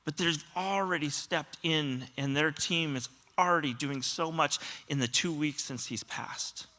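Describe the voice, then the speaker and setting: A man's voice: fairly high pitch, unhurried, sharp tone. A man pastor giving a sermon, telling stories earnestly and often quoting other people. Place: church auditorium.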